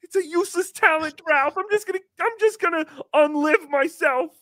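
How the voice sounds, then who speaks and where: A man's voice: very high voice, moderate pace, a bit bright, no echo. A man putting on a silly, self-pitying showman character who talks about himself in the third person in a melodramatic, whiny way on a comedic live stream. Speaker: livestream show host.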